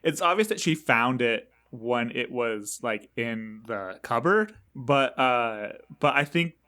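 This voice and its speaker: A man's voice: mid-range voice, expressive, slow pace, pushed and bright. A man co-hosting a podcast, casually discussing a film in a dry, matter-of-fact way. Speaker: podcast co-host. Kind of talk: casual movie review chat.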